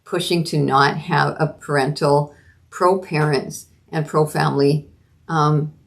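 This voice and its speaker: Middle-aged woman from Canada, solo podcast host, lowish voice, earnest and emphatic commentary with restarts. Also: fairly even intonation, slow pace, creaky.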